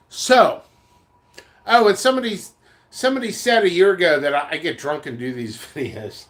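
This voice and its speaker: A middle-aged man rants angrily to the camera in his vlog. His voice sits high and sounds bright and sharp. He swears constantly, talks bluntly and rambles through restarts. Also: animated, moderate pace. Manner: angry, profane ranting. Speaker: seed vendor.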